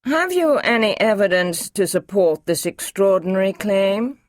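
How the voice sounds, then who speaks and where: Pompous doubting male official voiced by a woman, incredulous, lively, dry. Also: mid-range voice, unhurried, no room sound, pitched above the performer's own voice, close to an everyday voice. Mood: skeptical. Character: skeptical middle-aged male official, pompous.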